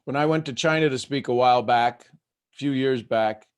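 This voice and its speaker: A male motivational host with a mid-range voice speaks to his listeners. He keeps asking them questions and shifts his delivery often, dropping to a near hush and then rising to loud bursts. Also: medium pitch, moderate pace, clean tone. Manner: dynamic, swings between hushed and shouted. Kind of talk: motivational talk on a call.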